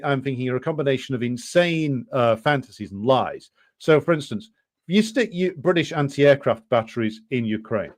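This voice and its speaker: Male podcast co-host, sardonic, dry asides while reading aloud, mid-pitched. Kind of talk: casual political chat, reading quotes aloud.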